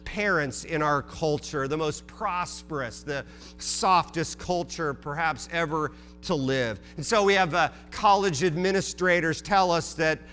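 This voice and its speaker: A man's voice: fairly high pitch, unhurried, a bit bright, faint music behind. A man preaching a sermon as pastor, emphatic and repetitive, asking the congregation rhetorical questions.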